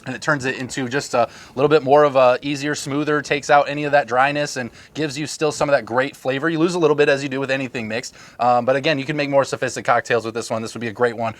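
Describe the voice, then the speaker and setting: A man's voice: mid-range voice, steady tone, fast, hardly any pauses, fairly bright tone, no echo. A man co-hosting a casual rum review show at a home bar, upbeat and joking with a salesy push. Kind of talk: casual tasting chat.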